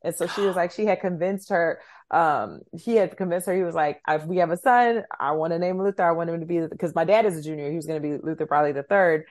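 A woman's voice: on the low side, fast talker. Chatty laughing woman co-host. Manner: laughing storyteller, warm and chatty. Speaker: podcast co-host. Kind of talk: casual chat.

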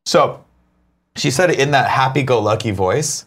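A man's voice: medium pitch, moderate pace, fairly bright tone, breathy edge. A man co-hosting a casual morning show, joking and mock-alarmed as he reads out a news story. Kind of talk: casual chat.

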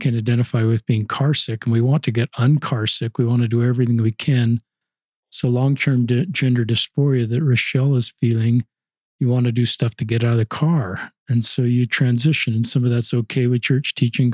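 A man hosting a podcast interview, speaking in an earnest, measured and gently apologetic way. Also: medium pitch, husky, no room sound. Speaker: podcast host. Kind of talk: casual interview chat.

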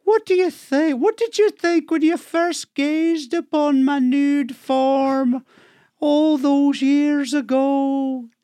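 Joke voice: a teasing elderly Scottish wife, shrill falsetto, dry close sound. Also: male voice, fairly even intonation, mellow, dry recording. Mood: coy. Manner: high falsetto, drawn-out teasing.

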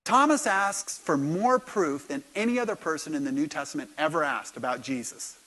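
Lively high-voiced male preacher. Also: normal speed. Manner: animated, acts out dialogue with sudden loud bursts. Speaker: pastor. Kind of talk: sermon. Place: church.

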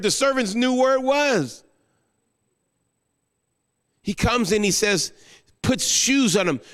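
A guest pastor preaching an emotional sermon, rising to exclamations and then falling soft into prayer. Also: male voice, high voice, big-room sound.

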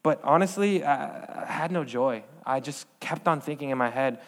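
A young man delivers a sermon as a guest speaker, his voice sitting a little high for a man. He talks earnestly and haltingly, with frequent fillers and restarts. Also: expressive. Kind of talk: sermon with personal testimony.

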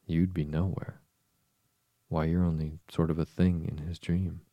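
A man's voice: rumbling low, little pitch movement, fairly quick, dry recording, highs cut off. A man voicing a smug, contrary little storybook twin who speaks with contempt.

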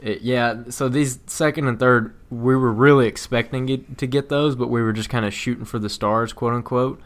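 A man's voice: medium pitch, steady tone, normal speed. A male podcast co-host chats casually about a hunting trip. He is easygoing and laughs often as he tells the story. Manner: easygoing, laughs often while telling stories.

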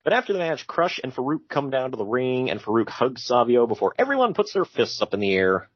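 Animated man recapping wrestling. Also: mid-range voice, a little fast, no room sound. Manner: animated, laughs often, jokey asides. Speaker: podcast co-host. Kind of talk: casual wrestling recap chat. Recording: dull lo-fi sound.

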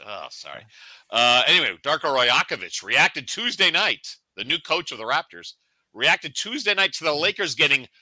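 A man co-hosting a sports podcast, chatting casually with animated, jokey ranting. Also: medium pitch, dry recording, low-quality recording. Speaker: podcast co-host.

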